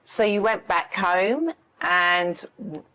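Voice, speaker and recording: A woman's voice: on the low side, slow, pushed and bright. A woman interviewing a traveller, asking sympathetic prompting questions. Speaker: interviewer, channel host. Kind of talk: casual interview.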